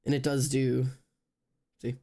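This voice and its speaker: A man's voice: medium pitch, flat delivery, unhurried, warm tone. A young man streaming live, chatting casually and rambling with lots of fillers and restarts. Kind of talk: casual chat with stream viewers. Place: indoors at home.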